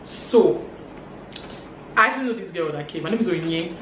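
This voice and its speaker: A woman with a Nigerian accent giving a casual gossip recap, animated and acting out quotes. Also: normal speed. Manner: animated, acts out quotes in higher voices. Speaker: vlogger. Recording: roomy, distant mic, faint hum.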